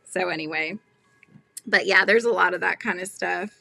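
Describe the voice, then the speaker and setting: A bright, clear-voiced woman in her thirties hosts a relaxed crochet livestream from home. She chats easily with viewers, laughs often and drifts from story to story. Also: fairly low pitch, moderate pace, faint music behind. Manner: chatty, laughs often, talks to live chat. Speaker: crochet channel host. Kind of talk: casual livestream chat while crocheting.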